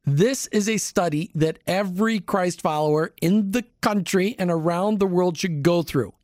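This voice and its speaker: High-voiced enthusiastic radio host man. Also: normal speed, darkish tone, no room sound, clean studio sound. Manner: enthusiastic, emphatic, addresses listeners directly. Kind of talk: Christian radio interview. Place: radio studio.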